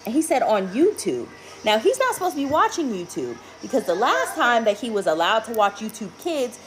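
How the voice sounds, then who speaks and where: A woman, a mother, telling a story to camera in an animated, incredulous way, jumping high on exclamations. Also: a little fast, a little hiss or hum.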